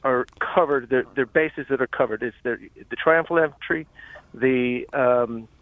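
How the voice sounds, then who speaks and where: A man calling in to a radio show with a question, halting and repeating words as he speaks. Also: mid-range voice, no room sound. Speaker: caller. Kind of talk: phone-in question. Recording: tinny phone line.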